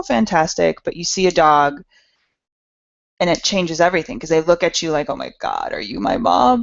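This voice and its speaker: A middle-aged woman giving a candid, self-deprecating personal talk to an audience, speaking in halting phrases with restarts. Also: on the low side, creaky. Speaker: speaker at an entrepreneur meetup. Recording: dull lo-fi recording.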